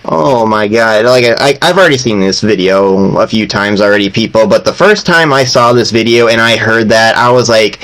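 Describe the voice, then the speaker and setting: A man's voice: fairly low pitch, moderate pace, hardly any pauses, fairly bright tone, rough recording. A man hosting a reaction video, commenting casually and with exasperation, repeating himself.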